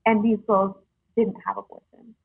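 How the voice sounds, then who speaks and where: A young woman telling her personal story in a halting, earnest way, with many fillers, heard over a tinny phone-like line. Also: medium pitch, level tone, creaky, slightly rough, dry recording. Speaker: guest sharing her story. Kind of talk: casual storytelling.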